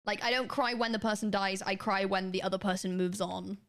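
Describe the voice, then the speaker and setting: A woman's voice: mid-range voice, little pitch movement, fairly bright tone. A young woman streaming, chatting casually with viewers in a rambling way, her throat a little sore. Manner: rambling, restarts sentences, quick laughs.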